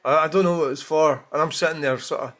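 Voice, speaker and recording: A man's voice: fairly high pitch, fairly even intonation, fast, a bit bright. A man talking in a rambling, frank monologue, swearing freely and often restarting his sentences. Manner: rambling, frank, frequent swearing and self-corrections. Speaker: vlogger. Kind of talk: casual monologue.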